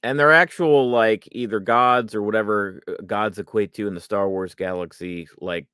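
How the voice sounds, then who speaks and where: Podcast host, male, lower voice, emphatic and lively, dry close mic. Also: moderate pace, clear, resonant tone, dry recording. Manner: lively and emphatic, addresses listeners. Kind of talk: casual fan discussion.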